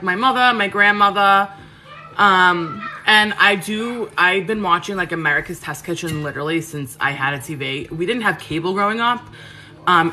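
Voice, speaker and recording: Chatty Queens woman with a bright voice. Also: fairly low pitch, slight background noise. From Queens, New York. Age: 30s. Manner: chatty, frank, full of fillers and restarts. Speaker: cooking livestream host. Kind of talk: casual live chat answering viewers. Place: home kitchen.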